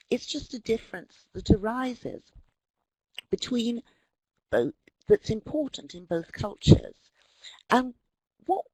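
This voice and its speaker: British woman, webinar presenter, husky voice, very animated pitch, dry close sound. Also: no echo, rough recording. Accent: British English. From Britain. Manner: animated, mimics quoted voices. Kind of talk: lively lecture with acted-out dialogues.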